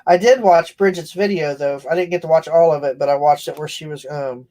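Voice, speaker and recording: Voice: mid-range voice, a little fast, warm tone. A co-host of a live show chatting casually, telling pet stories with frequent laughter. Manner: chatty and giggly, laughs through anecdotes. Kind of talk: casual chat.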